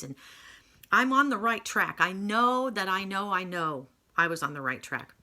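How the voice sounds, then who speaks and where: A woman's voice: medium pitch, animated, normal speed, sharp tone. A woman casually telling her own story to camera at home, chatty with self-mocking humor.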